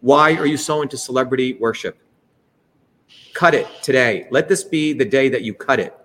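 A man hosting a political livestream, giving a heated, profane speech that rises to shouts. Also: mid-range voice, normal speed. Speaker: host.

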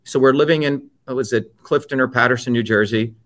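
A man's voice: medium pitch, a little fast, fairly bright tone. A man in his fifties from India, telling his life story as an interview guest in an emphatic, blunt and profane way. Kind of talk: impassioned personal storytelling.

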